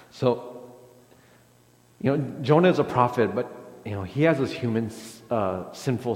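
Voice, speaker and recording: A man's voice: mid-range voice, darkish tone. Hesitant male pastor in an echoey hall. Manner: hesitant, many restarts and fillers. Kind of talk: sermon. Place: church sanctuary.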